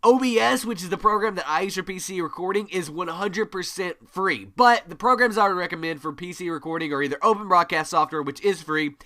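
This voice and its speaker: A man giving a gaming tutorial to camera, energetic and always varying his pitch, on a USB desk mic. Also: a little fast, hardly any pauses. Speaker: gaming YouTuber. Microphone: USB desk microphone.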